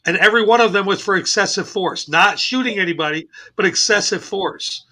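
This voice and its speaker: High, bright-voiced male radio co-host. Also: brisk. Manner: emphatic, repeats key points. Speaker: co-host of a sports radio podcast. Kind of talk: casual radio banter. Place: radio studio.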